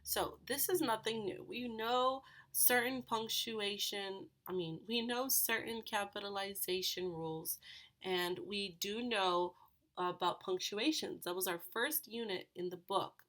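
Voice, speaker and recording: A woman teacher records a lesson for third graders. She talks patiently and explains each step, asking the class questions along the way. Her voice sits at an ordinary middle pitch. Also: measured pace, a bit bright.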